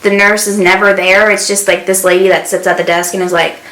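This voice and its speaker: A woman's voice: mid-range voice, flat delivery, fairly quick, fairly bright tone. A young woman vlogger telling a story casually, chatty and full of fillers. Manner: chatty, many fillers, acts out quotes. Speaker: beauty vlogger. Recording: roomy echo.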